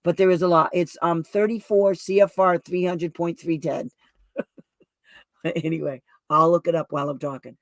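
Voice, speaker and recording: A woman hosting a show as a special education advocate, telling stories in a chatty, rambling way with asides and quick restarts. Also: on the low side, steady tone, no echo. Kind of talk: casual storytelling livestream talk.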